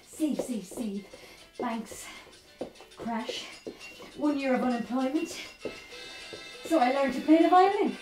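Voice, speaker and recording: An actress playing a lively Spanish woman who has moved to Ireland, with a Spanish accent, telling her story in a one-woman theatre monologue with lots of playful laughter. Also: high voice, distant mic. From Spain. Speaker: stage performer. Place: theatre stage. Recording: roomy stage sound from afar, faint music.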